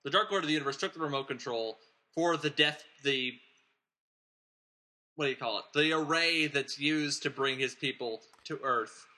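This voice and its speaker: A man's voice: mid-range voice, normal speed, sharp tone. A man hosting a podcast, casually recapping a film plot in a rambling, digressive way and chuckling as he talks. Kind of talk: casual chat.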